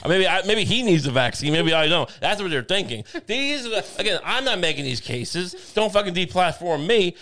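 A man's voice: high-pitched, expressive, brisk, hardly any pauses, bright, forceful tone. A man co-hosting a podcast, chatting casually with rambling, profane jokes. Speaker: podcast co-host. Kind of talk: casual chat.

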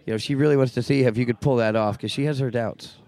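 A man co-hosting a live sports radio show, joking and trading quick banter in casual chat. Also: medium pitch, steady tone, a little mellow, no room sound.

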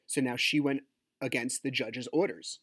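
A man's voice: mid-range voice, fairly even intonation, moderate pace, fairly bright tone, slightly rough, no echo, clean studio sound. A man hosting his own podcast, ranting in an agitated, swearing, rambling way about a custody fight. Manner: agitated, swears, talks over himself. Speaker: podcast host; divorced father. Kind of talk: casual ranting monologue.

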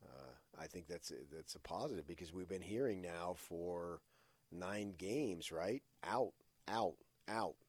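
A man's voice: low voice, measured pace, a little mellow, no echo. A man hosting a sports radio show, giving emphatic, opinionated takes in casual talk with frequent "uh" fillers.

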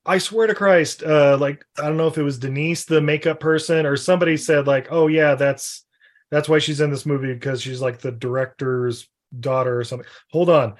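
A man's voice: on the high side, steady tone, brisk. A man hosting a casual film podcast, telling stories animatedly and acting out quotes with self-deprecating humor. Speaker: podcast host.

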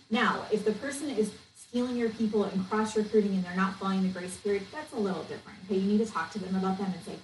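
Her medium-pitched, darkish voice carries through an echoey room, picked up by a distant mic with faint noise. Hosting a fired-up solo podcast, the network marketing coach vents and coaches bluntly and passionately, often tossing in "okay?"

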